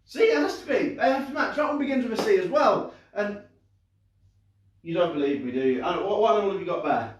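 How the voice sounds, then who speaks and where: A man's voice: high voice, expressive, a little fast. A young man doing a live magic show for kids, chatty and upbeat, joking at his own expense with plenty of fillers and restarts. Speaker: children's entertainer and magician. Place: indoor room, live stream. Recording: very echoey room, far from the mic.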